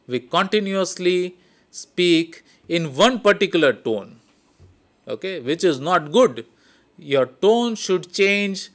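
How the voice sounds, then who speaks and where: Male lecturer with an Indian English accent, mid-pitched, explains patiently and keeps checking in with "okay". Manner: explanatory, repeats points, frequent "okay". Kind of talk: recorded lecture on communication skills.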